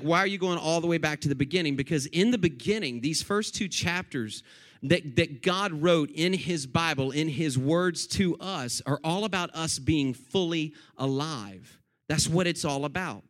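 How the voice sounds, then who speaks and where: A man preaching a sermon to his congregation, animated and addressing them directly. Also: fairly high pitch. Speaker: pastor.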